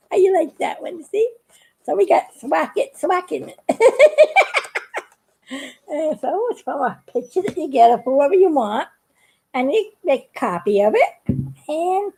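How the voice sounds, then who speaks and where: A woman's voice: high voice, gravelly, mellow. An older woman chatting in a casual, folksy how-to vlog, giggling often and rambling a bit between steps. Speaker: craft video maker.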